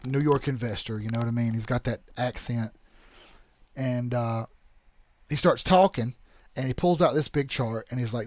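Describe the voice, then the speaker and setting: A young man hosting, telling a story in a casual, animated and blunt way, swearing freely. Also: medium pitch, moderate pace, no room sound. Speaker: host. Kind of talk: casual storytelling, reading chat.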